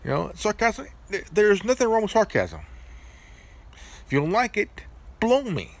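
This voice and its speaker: A man's voice: high-pitched, huge pitch swings, normal speed. A man hosting his own channel, talking in a crude, profane vlog rant full of stammered restarts. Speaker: channel host.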